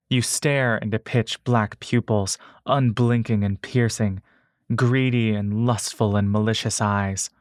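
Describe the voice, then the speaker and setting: Slow, dry-voiced male story narrator. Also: lowish voice, dry recording. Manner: measured, steady storytelling. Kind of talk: second-person audiobook narration.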